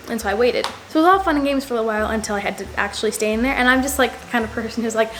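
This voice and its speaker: A woman's voice: on the high side, rapid-fire, a little hiss or hum. A young woman telling a personal story to the camera in a casual, rambling way, full of "like". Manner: rambling, heavy use of "like". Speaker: vlogger.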